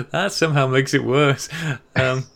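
Gravelly English man, chatty co-host. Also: fairly high pitch, a bit bright. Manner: chatty, easy laughs, quick asides. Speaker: podcast co-host. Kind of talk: casual podcast chat, reading listener emails.

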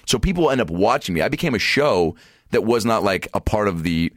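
A man from Seattle with a very deep voice, chatting as a podcast guest. He tells animated stories, swears freely and jumps into high put-on voices. The sound is dry and close, with no room around it. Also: brisk, dry recording. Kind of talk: casual podcast chat.

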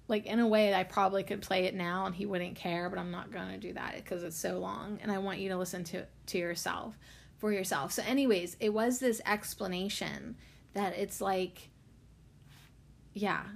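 Gravelly-voiced woman chatting candidly. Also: mid-range voice. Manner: candid, swears freely, emotional. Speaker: podcast host. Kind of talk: casual spiritual chat.

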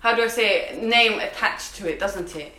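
A young woman co-hosting a podcast, talking in a relaxed, reflective way with easy laughs. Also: medium pitch, normal speed, roomy sound. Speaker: podcast co-host. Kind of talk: casual chat.

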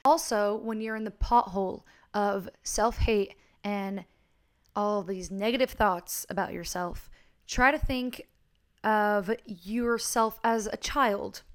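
A young woman hosting her own podcast, talking casually and rambling with fillers and restarts. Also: mid-range voice. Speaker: podcast host. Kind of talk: casual solo podcast talk.

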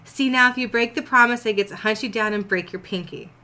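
A woman's voice: fast, sharp tone. A woman voicing a tearful, pleading teenage girl in a casual read-aloud of fan fiction. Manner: pleading, raised pitch.

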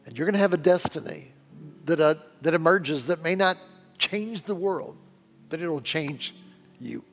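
A pastor preaching in an earnest, pleading way, a man with a fairly high voice who often sinks into hushed tones. His words ring out with a long reverb, and soft music plays underneath. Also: expressive, measured pace. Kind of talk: sermon.

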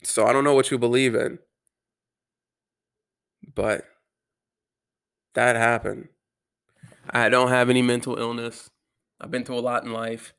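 A man earnestly telling a personal story to camera, halting and restarting his words, with some swearing. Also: medium pitch, little pitch movement, creaky, fairly bright tone, clear, resonant tone. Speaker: vlogger.

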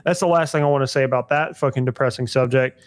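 A man's voice: mid-range voice, steady tone, quick pace. Rambling man on a casual podcast. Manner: rambling, swears freely, many fillers. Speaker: podcast host.

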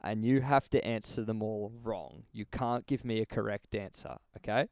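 A man running a quick word game with a friend, teasing, laughing and swearing as he goes. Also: on the low side, creaky, a little mellow, clear, resonant tone, no echo, clean studio sound. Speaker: podcast co-host. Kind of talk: casual game banter.

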